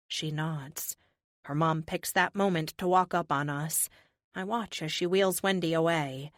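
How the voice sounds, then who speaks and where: Female audiobook narrator, fairly low voice, wry and emotive, dry close mic. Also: no room sound. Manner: wry, emotive first-person delivery. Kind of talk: first-person audiobook narration.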